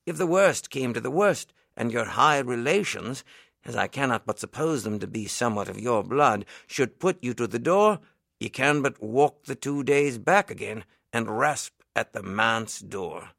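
A man reading the part of an earnest, kindly elderly minister in an audiobook, speaking in a solemn, measured, old-fashioned way. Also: mid-range voice, animated, gravelly, a bit bright, no echo, studio quality.

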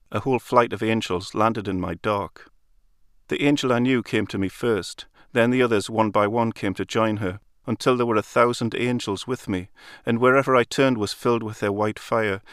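A man reading a literary story aloud in a calm, measured storytelling manner. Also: fairly low pitch, smooth, no room sound, studio quality. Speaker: narrator. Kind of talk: literary audiobook narration.

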